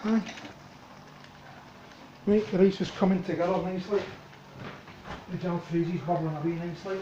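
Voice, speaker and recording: A relaxed Scottish man talking his way through a home cooking session, chatty and unhurried, at a mid pitch. The recording is dull and lo-fi, with a roomy kitchen echo and steady noise behind him. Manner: chatty, relaxed, thinks aloud while cooking. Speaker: cooking vlogger. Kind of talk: casual cooking commentary.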